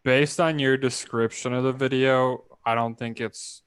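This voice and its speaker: A man's voice: mid-range voice, fairly even intonation, a little slow, a bit bright, smooth. A man in casual chat, skeptical and asking probing questions. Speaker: podcast co-host.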